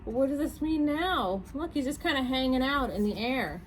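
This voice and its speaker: A woman, a children's librarian, reading picture books aloud at a storytime, animated and asking her young listeners questions. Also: high voice, normal speed, slight background noise, poor audio.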